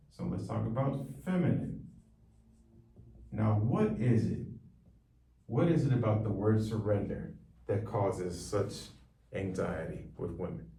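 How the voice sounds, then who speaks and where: Mellow-voiced male coach in a roomy space. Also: fairly low pitch. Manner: repeats phrases slowly for emphasis. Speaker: wellness coach. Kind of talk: teaching monologue. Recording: roomy echo, voice from far off.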